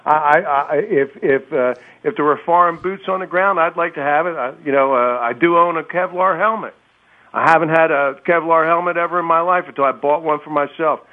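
A man calls in to a radio show over a tinny phone line. His voice sits somewhat high for a man, and he stammers and hesitates in a folksy way. He often trails off before he finishes a thought. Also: fairly quick. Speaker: radio caller. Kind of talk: phone-in call.

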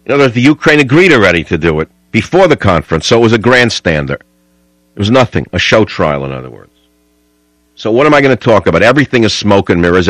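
A man's voice: lowish voice, fairly bright tone, dry recording, poor audio. A man hosting a talk radio show, rambling and combative in a studio.

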